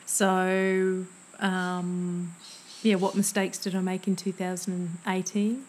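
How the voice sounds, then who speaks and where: A woman's voice: lowish voice, little pitch movement, takes it slowly, a little mellow, slight background noise. Reflective woman in her forties. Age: 40s. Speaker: podcast co-host. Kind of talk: casual chat.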